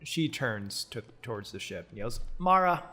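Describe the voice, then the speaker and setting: A man narrating a tabletop game as game master, easygoing and quick to laugh. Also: on the low side, fairly bright tone, breathy edge, faint music behind.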